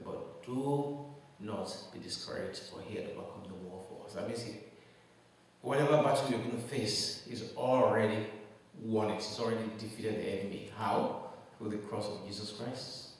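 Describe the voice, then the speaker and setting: Low-voiced preacher in an echoing hall. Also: male voice, a little hiss or hum. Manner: preaching with rising emphasis and rhetorical questions. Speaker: pastor. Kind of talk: sermon. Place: church hall. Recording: echoey hall, mic at a distance.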